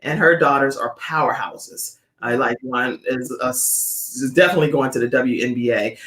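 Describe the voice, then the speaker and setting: A woman's voice: extremely low pitch, moderate pace, fairly bright tone. A middle-aged woman hosting a talk show, effusive and praising, reading viewer comments aloud. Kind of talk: casual chat. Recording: echoey room.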